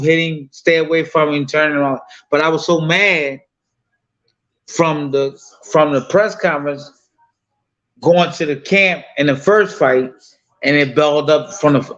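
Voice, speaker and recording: A man's voice: on the high side, steady tone, a little slow, fairly bright tone, highs cut off. A man in his fifties telling a fight story in loose, profane casual talk full of fillers. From United States. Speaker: boxing guest.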